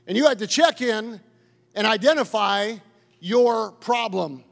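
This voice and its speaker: A middle-aged man preaching a sermon as a pastor, impassioned and building to loud declarations. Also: high-pitched, expressive, measured pace, creaky. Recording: long hall reverb.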